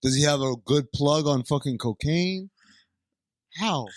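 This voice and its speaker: A man's voice: on the high side, unhurried, no echo. A man co-hosting a podcast, arguing his point with sarcasm and swearing. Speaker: podcast co-host. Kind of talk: casual chat.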